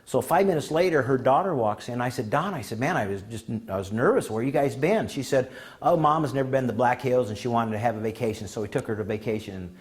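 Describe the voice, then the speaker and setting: A man's voice: medium pitch, a little fast. A man giving a conference talk, telling folksy stories and acting out the quotes of the people in them. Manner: folksy, animated anecdotes with acted-out quotes. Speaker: conference speaker. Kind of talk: storytelling talk. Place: conference room.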